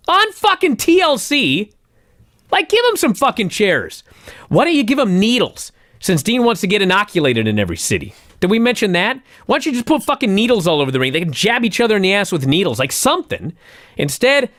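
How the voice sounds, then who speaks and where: A man's voice: high-pitched, wildly swooping pitch, moderate pace, a bit bright, no room sound, studio quality. A man co-hosting a casual podcast and ranting sarcastically about a wrestling show, swearing often. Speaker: podcast co-host. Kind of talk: casual profane wrestling review chat.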